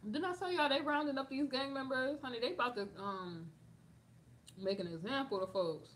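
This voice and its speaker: A woman from the United States, reading news aloud and commenting on it in a sassy, animated way. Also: high-pitched, moderate pace, a little hiss or hum. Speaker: vlogger reacting to news.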